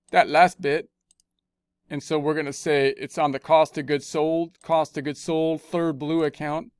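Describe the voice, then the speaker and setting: An accounting instructor narrates a screencast tutorial, walking through each spreadsheet step and frequently repeating his phrases. His voice is fairly high yet darkish, clear and resonant, with no room sound in the recording.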